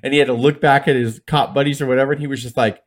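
Male podcast co-host, rapid casual storyteller, acts out quotes. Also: medium pitch. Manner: fast, animated retelling with acted-out quotes and laughs.

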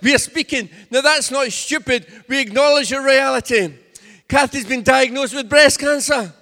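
A man's voice: very high-pitched, normal speed, sharp tone. A man preaching a sermon as pastor, making emphatic, repetitive declarations in a church. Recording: echoey church hall.

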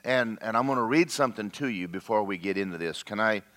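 A man preaching a lively, conversational sermon and talking straight to his congregation. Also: fairly low pitch, fast talker.

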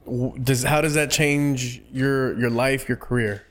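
A man's voice: medium pitch, steady tone, measured pace. A man hosting a casual interview, encouraging his guest with frequent short affirmations. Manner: encouraging, frequent yeahs as he listens. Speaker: interviewer, host.

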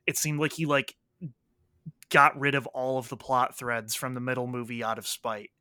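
Man, co-host, blunt and worked up, bright tone. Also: mid-range voice, level tone, normal speed, clean tone, no echo. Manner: blunt, swears, gets worked up. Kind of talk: casual chat.

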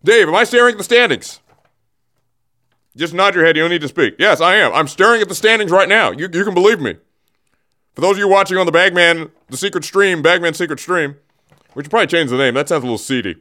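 Guy hosting his radio show, goofy rambling teases, fairly high voice, studio mic. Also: animated, quick pace, bright, forceful tone. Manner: rambling, jokey, teasing, restarts mid-thought. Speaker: radio host. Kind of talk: casual radio monologue. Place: radio studio, also streamed on camera. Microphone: studio microphone.

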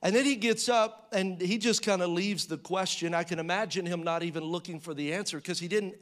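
A man with a high-pitched voice preaches a sermon in a conversational way. He fires rhetorical questions at his listeners and acts out prayers and quotes, his pitch and volume rising as he does. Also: brisk, fairly bright tone. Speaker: pastor.

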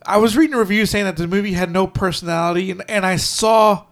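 A man's voice: sits high, fast. A man co-hosting a podcast in casual chat, rambling with many restarts and quoting people in put-on voices. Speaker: podcast co-host.

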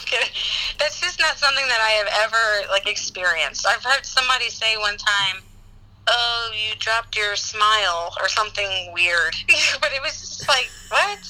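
A woman's voice: a little high, expressive, moderate pace, pushed and bright, rough recording. A woman in her thirties, a guest chatting casually and laughing often. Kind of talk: casual chat.

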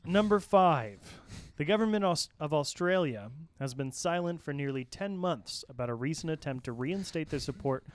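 Smooth-voiced male podcast host. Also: a little high, lively intonation, moderate pace, hardly any pauses. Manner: reads items steadily, with small restarts and asides. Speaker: host and news reader. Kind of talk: podcast news rundown with banter.

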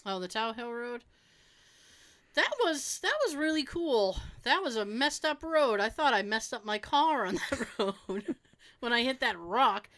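Speaking fairly high and unhurried, a woman chats casually through a lively story. She laughs a lot and performs the voices of the people she quotes.

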